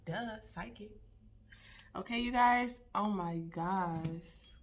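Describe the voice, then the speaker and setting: A woman's voice: mid-range voice, slow. A woman hosting a casual stream, chatty and slangy, talking straight to her viewers. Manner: chatty, slangy, addresses "you guys". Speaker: tarot reader and host.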